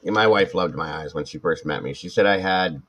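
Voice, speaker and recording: Low-voiced man in his forties, rambling. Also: a little fast, fairly bright tone, a little hiss or hum. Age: 40s. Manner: rambling, self-mocking, with frequent restarts. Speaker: live stream host. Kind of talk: casual chat reading viewer comments.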